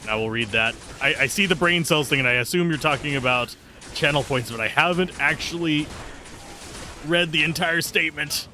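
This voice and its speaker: A man's voice: a little high, moderate pace, bright, forceful tone, slight background noise. A man casually chatting through his own livestream while playing a game, rambling and laughing at his own jokes. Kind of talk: casual livestream gameplay commentary.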